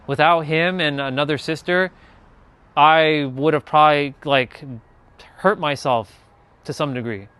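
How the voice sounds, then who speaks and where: A man's voice: a little high, fairly even intonation, a little slow, long pauses, fairly bright tone, smooth. A man telling a personal spiritual story, earnest and rambling, with many restarts and trailing phrases. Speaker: spiritual content creator.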